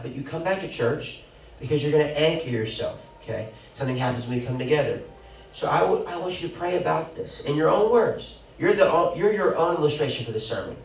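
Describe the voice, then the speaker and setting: A young man, the pastor, preaching an animated sermon with sudden loud bursts and quick asides, recorded in a church. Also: medium pitch, slight background noise. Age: young adult. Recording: roomy echo, mic at a distance.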